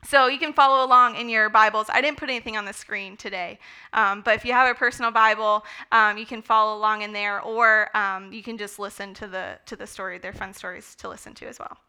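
A woman giving a conversational Bible teaching, enthusiastic and relaxed, with the odd filler. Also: mid-range voice, brisk, clean tone. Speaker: speaker teaching a Bible study. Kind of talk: sermon-style Bible teaching.

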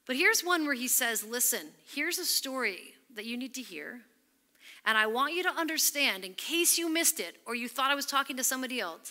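A woman's voice: high voice, animated, moderate pace, sharp tone. A woman pastor preaching an earnest sermon, emphatic at times and dropping almost to a whisper when she quotes scripture.

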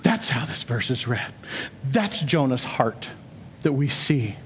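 A man's voice: mid-range voice, very animated, takes it slowly, slight background noise. A man preaching a sermon as pastor, earnest and building to emphatic questions.

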